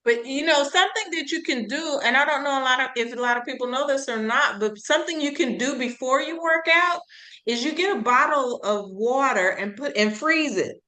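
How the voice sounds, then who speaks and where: Bright-voiced woman chatting casually. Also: sits high, brisk. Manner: relaxed, chatty, laughs often. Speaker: co-host of herbal talk show. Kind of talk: casual chat.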